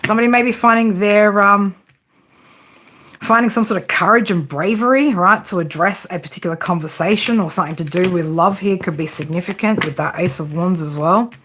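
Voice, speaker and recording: A woman's voice: medium pitch, a little fast, fairly bright tone. A woman giving a casual live tarot reading, chatting and joking with viewers and swearing freely. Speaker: tarot reader.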